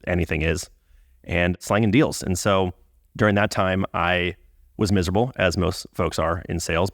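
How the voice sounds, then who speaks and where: A man's voice: low-pitched, dry recording, studio quality. A man from Atlanta, a guest on an interview podcast, telling his story in a candid, self-mocking way with casual swearing. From Atlanta, USA. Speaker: guest, content creator.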